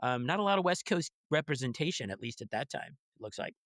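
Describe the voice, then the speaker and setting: A man's voice: mid-range voice, sing-song, quick pace, fairly bright tone, no room sound, studio quality. A middle-aged man co-hosting a podcast, rambling wryly and mock-quoting people. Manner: rambling with restarts, wry, mock-quotes people. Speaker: podcast co-host. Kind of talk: casual chat.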